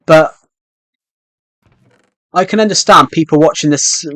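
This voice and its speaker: A man's voice: a little high, a bit bright, dry recording. A young British man chatting casually while streaming a game, rambling with frequent restarts. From United Kingdom. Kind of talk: casual live-stream chat while playing.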